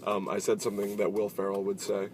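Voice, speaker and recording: A man co-hosting a casual chat in a car, telling stories in an animated way and acting out the lines of the people in them. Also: on the low side, fast. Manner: animated storyteller, acts out quoted lines and laughs often. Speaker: podcast co-host. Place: inside a car. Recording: steady road noise.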